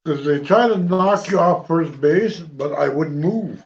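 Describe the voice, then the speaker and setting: Gravelly, high-voiced man, swearing freely. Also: measured pace. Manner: gruff, cursing storyteller. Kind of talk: casual chat. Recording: dull lo-fi recording with faint noise.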